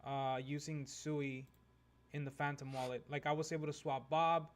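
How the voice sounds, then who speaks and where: A man co-hosting a live online audio chat, explaining projects in a relaxed way with fillers. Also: fairly high pitch, normal speed, a little hiss or hum. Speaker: co-host.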